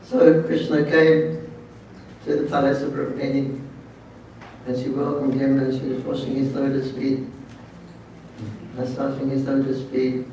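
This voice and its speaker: A man giving a devotional sermon as a slow story, often clearing his throat and repeating words, recorded from a distance in a very echoey hall. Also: medium pitch, monotone, mellow. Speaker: speaker telling a devotional story. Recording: very echoey hall, distant mic, faint noise.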